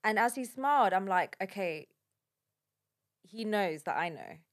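A woman telling a personal story in a halting, shaken way, with many fillers. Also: mid-range voice, lively intonation. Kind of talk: casual spoken account.

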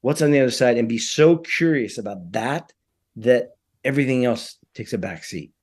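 A man's voice: mid-range voice, moderate pace, husky. A man telling a personal story in casual conversation, acting out the quoted voices of the people in it. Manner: animated, acts out quoted voices.

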